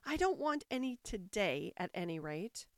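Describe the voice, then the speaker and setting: A woman voicing Alice, a polite and curious young girl in a storybook, speaking gently and a little timidly. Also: mid-range voice, sing-song, normal speed, no room sound, clean studio sound, natural voice. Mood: objecting.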